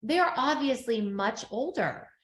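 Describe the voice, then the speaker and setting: A woman's voice: on the high side, measured pace. A middle-aged woman co-hosting a podcast, chatting casually as she recaps a TV episode and acts out what people said. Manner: chatty storyteller, acts out quotes with animated voices. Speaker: podcast co-host. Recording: echoey room.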